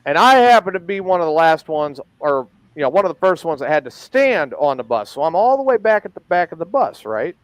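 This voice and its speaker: A man hosts a casual podcast and tells profane stories with heavy emphasis. His voice sits high and swings widely in pitch, and the sound is close and dry. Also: very animated, a little fast, few pauses, dry recording. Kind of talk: casual storytelling.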